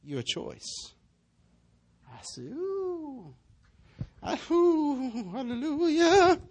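A man preaching a sermon, telling stories with big swings between shouting and hushed asides. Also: mid-range voice. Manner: animated storytelling, swinging between shouts and near-whispers. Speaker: pastor.

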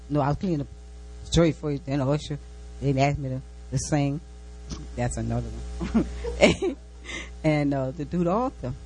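A woman with a very deep, warm voice preaches an informal sermon as a church speaker, sharing her personal testimony. She's folksy, repeats key lines, and laughs between phrases. The recording is rough, with a little hiss or hum.

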